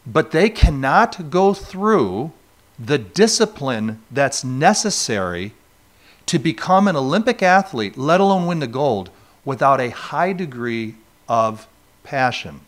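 A man's voice: mid-range voice, very animated, measured pace. A man from New York State preaching a sermon, talking conversationally and asking the congregation rhetorical questions. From New York State, USA. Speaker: pastor.

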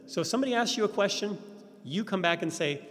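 A man's voice: high-pitched, lively intonation, quick pace, fairly bright tone. A man teaching a class on ministry, often putting rhetorical questions to his audience. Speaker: Christian ministry instructor. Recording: echoey hall reverb.

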